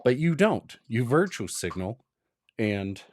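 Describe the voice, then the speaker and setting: A man's voice: medium pitch, big pitch swings, slow pace, a little mellow. A young adult man giving an emphatic, rambling, opinionated commentary. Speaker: commentary vlogger.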